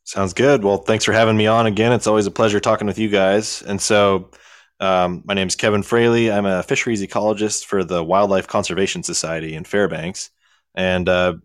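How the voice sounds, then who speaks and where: Low-voiced relaxed man calling in. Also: clean tone, no room sound, clean studio sound. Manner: relaxed, friendly, loose with fillers. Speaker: guest fisheries ecologist. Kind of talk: casual call-in explanation.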